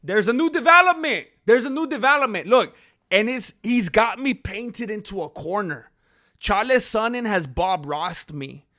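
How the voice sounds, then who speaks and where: Bright high-voiced man hosting a livestream. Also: lively intonation, normal speed. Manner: playful, joking, reads chat names aloud. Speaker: livestream host. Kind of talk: casual livestream chat.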